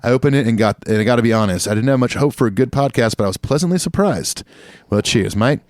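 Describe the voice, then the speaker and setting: A man's voice: mid-range voice, expressive, rapid-fire, a little mellow, no room sound. A man co-hosting a podcast in casual chat, reading listener emails aloud with easy laughs. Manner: laughing, slips into a jokey Australian put-on. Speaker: podcast co-host.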